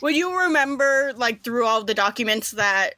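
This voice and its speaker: A woman's voice: on the high side, lively intonation, moderate pace, bright, forceful tone, dry recording. A woman narrating a tabletop game as game master, casual and laughing, with some swearing.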